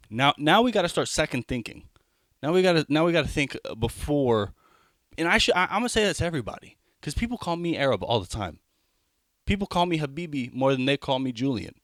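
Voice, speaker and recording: A man's voice: medium pitch, fairly bright tone, no room sound, clean studio sound. A young adult man doing a stand-up comedy set, talking conversationally with rambling asides and frequent restarts.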